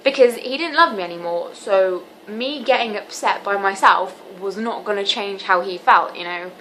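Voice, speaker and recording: A woman's voice: medium pitch, sharp tone, slight background noise, rough recording. Earnest teenage girl confiding. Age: teens. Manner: earnest, confiding, halting with many ums. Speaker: vlogger. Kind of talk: candid personal vlog.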